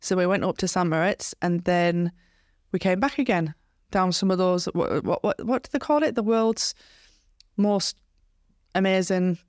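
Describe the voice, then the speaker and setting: A woman's voice: on the low side, normal speed, no room sound, studio quality. A woman in her thirties with a British accent, co-hosting a podcast in casual chat, giggly and eager to tell stories. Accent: British English. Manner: giggly, chatty, animated storytelling. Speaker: podcast co-host.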